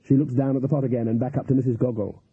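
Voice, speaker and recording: A man narrating an audiobook in an expressive, lively storytelling manner. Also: mid-range voice, racing, breathy edge, dry recording. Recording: tinny, phone-like, dry audio.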